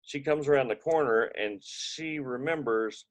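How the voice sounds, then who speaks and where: A man's voice: mid-range voice, unhurried. A man coaching people on brain injury recovery, talking loosely with many fillers and restarts and telling stories from his own life. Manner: tells personal stories to make his point. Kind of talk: casual spoken advice talk.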